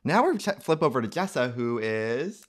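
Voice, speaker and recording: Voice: medium pitch, very animated, normal speed. A podcast co-host in casual chat, playful and jokey, with dramatic asides.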